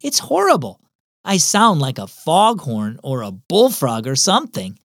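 A man's voice: a little high, wildly swooping pitch, unhurried, a bit bright, dry recording, studio quality, heavily acted. A man voicing a young girl who sulks about her boring choir part, with a whiny, pouting manner. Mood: sulky.

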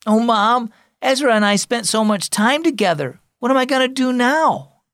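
A man's voice: high-pitched, animated, measured pace, dry recording, clean studio sound, voice pushed up. A man voicing a young boy who is upset that his best friend is moving away, speaking in a plaintive, pleading way.

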